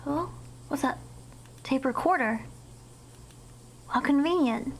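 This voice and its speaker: A woman streaming a horror game live, excitable and cursing a lot, shrieking whenever something startles her. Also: high voice, slow pace. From United States. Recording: loud game noise behind the voice.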